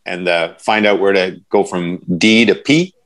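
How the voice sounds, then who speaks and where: A man's voice: deep voice, unhurried, a bit bright. A man co-hosting a podcast, telling rambling, self-mocking stories in casual chat. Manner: rambling, self-deprecating storyteller. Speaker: podcast co-host.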